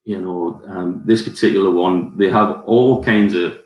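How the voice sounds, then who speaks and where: A man's voice: low-pitched, steady tone, unhurried, dull audio. A man with a Geordie accent hosting a live whisky tasting, rambling through his tasting notes with plenty of fillers. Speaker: whisky society ambassador. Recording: roomy echo.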